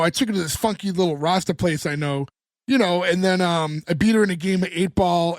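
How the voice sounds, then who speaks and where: A man with a fairly high voice and a casual, lively way of talking, recapping a television episode for his co-hosts. He acts out the characters' lines as he goes, and the sound is dry and close to the mic. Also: no echo. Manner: animated retelling, acting out dialogue. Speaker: podcast co-host recapping a sitcom episode. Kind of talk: casual chat.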